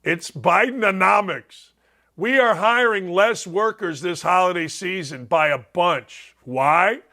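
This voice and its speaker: A middle-aged man hosting a sports and politics talk show, excitable, rambling and sarcastic. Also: high voice, takes it slowly.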